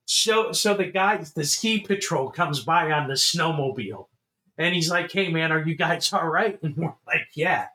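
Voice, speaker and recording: A middle-aged man spins a rambling story for his co-hosts, his voice bright and sitting a little high for a man. He swears freely and laughs his way through the telling in an easy, casual chat. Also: moderate pace. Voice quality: animated, swearing, laughs while telling stories. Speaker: podcast co-host.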